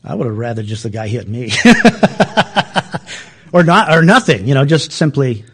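A middle-aged man preaching a sermon as a pastor, animated and often restarting with repeated words. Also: medium pitch, normal speed, pauses often, husky.

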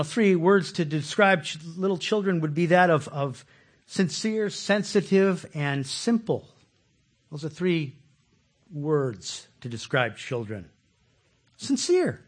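Male pastor, husky voice with big swings in pitch, chatty sermon delivery that acts out its quotes. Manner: animated, acts out quoted voices, asks the listeners questions. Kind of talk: conversational sermon.

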